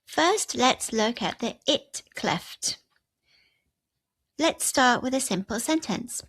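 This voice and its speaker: A woman gives a grammar lesson in a slow, careful voice, building each example sentence step by step. Her voice sits slightly high. The recording is dry and close, with no room echo. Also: lively intonation, a bit bright. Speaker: English grammar teacher.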